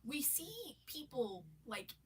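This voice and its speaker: A woman telling a rambling story on a live stream, casual and animated, swearing and laughing often. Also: high voice, slow, husky. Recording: voice a bit far from the mic.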